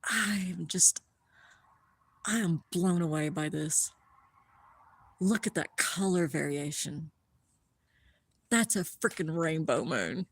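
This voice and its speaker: A woman hosting a live stream of a lunar eclipse, explaining the view and gushing with awe, often dropping to a hushed whisper. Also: sits low, takes it slowly, long pauses, breathy edge, no echo. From Columbus, Ohio area. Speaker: livestream host showing a telescope view. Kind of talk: live-streamed stargazing commentary.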